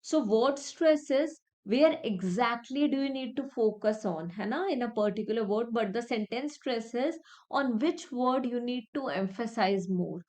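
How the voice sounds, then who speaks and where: A woman's voice: fairly high pitch, a little mellow. A young woman teaching an exam-prep lesson, explaining each point step by step and repeating it with many "okay"s. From India. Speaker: English test tutor.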